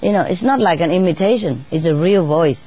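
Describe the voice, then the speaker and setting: A woman chatting casually in non-native English, laughing often and sometimes mimicking birds in a squeaky voice. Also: expressive, brisk, dark tone, slightly rough. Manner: laughs often between phrases; imitates birds in high squeaky voice. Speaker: bird keeper telling stories. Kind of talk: casual storytelling.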